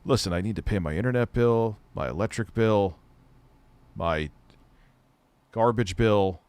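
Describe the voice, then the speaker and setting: A man's voice: on the low side, measured pace, a little mellow, clean tone, no room sound. A middle-aged man hosting a casual commentary stream, rambling and swearing often. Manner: profane, rambling, laughs easily. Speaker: commentary host.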